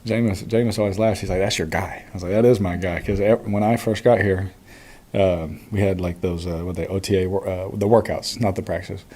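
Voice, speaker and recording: Relaxed low-voiced man at a press conference. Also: a little fast. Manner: relaxed, chuckling, many fillers. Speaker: quarterback at a postgame press conference. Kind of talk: postgame press conference answers.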